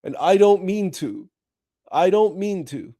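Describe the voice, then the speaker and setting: A man voicing a loyal young male hobbit gardener, in a high, strained, heartfelt voice. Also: sing-song, unhurried, mellow, dry recording. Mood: earnest.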